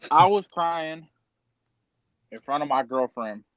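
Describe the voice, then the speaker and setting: A man's voice: a little high, expressive, slow, dry recording, lo-fi sound. A young man on a casual podcast, candidly telling an emotional personal story with plenty of slang. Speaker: podcast co-host.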